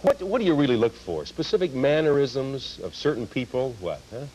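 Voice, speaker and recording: A man hosting a daytime talk show, asking quick upbeat questions. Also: medium pitch, very animated. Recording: noisy studio with audience. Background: studio audience.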